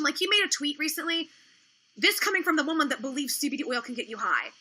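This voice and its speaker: A woman hosting a livestream delivers a profane, sarcastic, indignant rant at a quick pace, her high-pitched voice sharp and lively in intonation. She sounds tired and low on energy throughout.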